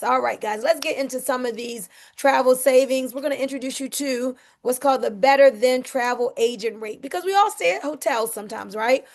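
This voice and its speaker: A woman giving an energetic sales presentation, talking straight to her audience. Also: high-pitched.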